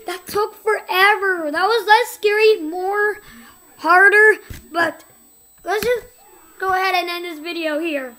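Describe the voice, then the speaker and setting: A woman's voice: extremely high pitch, unhurried, bright, forceful tone. A young woman hosting a gaming channel, giving jumpy horror let's play commentary, shrieking and laughing at scares.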